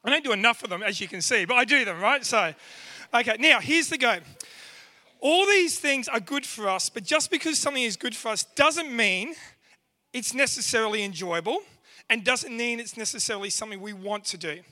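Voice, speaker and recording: A man's voice: very high-pitched, lively intonation, a little fast, bright, forceful tone. A man speaking to a church audience, playful and jokey as he quizzes the crowd. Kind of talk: lively talk with a church audience.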